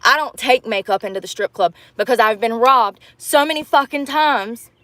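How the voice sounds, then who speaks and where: A woman's voice: fairly high pitch, normal speed, sharp tone, dry recording. A young woman ranting in a casual livestream, frustrated and swearing as she rambles.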